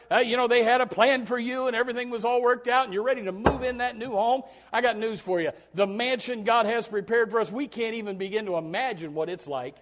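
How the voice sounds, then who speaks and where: A middle-aged male pastor preaching a sermon with emphatic swings in loudness, often repeating and restarting his words. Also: extremely high pitch.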